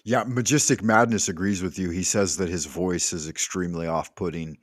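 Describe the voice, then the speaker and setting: A man's voice: deep voice, steady tone, brisk, no echo. A man hosting a livestream from home, chatting in a loose, rambling way and swearing casually. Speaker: livestream host. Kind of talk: casual chat.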